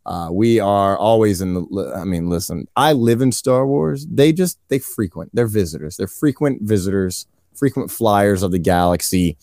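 A man's voice: on the low side, gravelly, a little mellow, no room sound. Joking guy on a podcast, casual chat, dry close sound. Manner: playful, joking, quick asides. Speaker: podcast guest.

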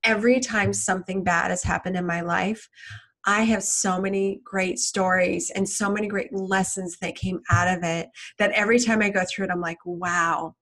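A woman's voice: medium pitch, steady tone, moderate pace, a bit bright. Earnest woman giving a motivational talk. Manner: earnest, repeats words, many fillers and "right?". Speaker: self-help speaker.

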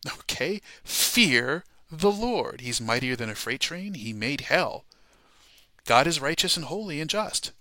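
A man's voice: medium pitch, lively intonation, normal speed, bright, forceful tone, dry recording. A man preaching a sermon, emphatic and repetitive, peppering his points with rhetorical questions.

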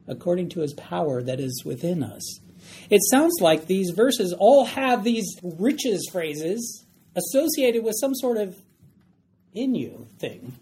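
Teaching a Bible study class, this man speaks in a voice on the high side with a dark tone. His manner is conversational, and he frequently checks in with the group with "all right?" over faint background noise.

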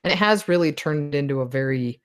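Woman, middle-aged, very low voice, dry close recording, soft-spoken, casual chat. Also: lively intonation, a little fast, no room sound. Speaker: podcast co-host.

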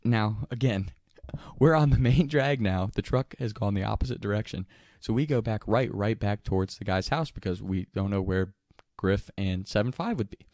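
A young man casually telling a rowdy anecdote, animated and laughing, with plenty of swearing. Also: lowish voice, moderate pace, no echo, clean studio sound. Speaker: storyteller.

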